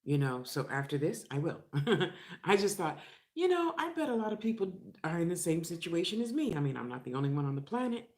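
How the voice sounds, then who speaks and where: A woman's voice: fairly low pitch, sing-song, a little fast, darkish tone. An older woman chatting frankly into her vlog while she eats, laughing often. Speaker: vlogger. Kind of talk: casual chat while eating.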